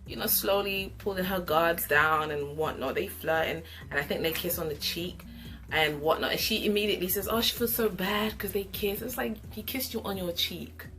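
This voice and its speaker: A young woman giving an opinionated, sassy casual review of a reality show, with animated asides. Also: on the low side, normal speed.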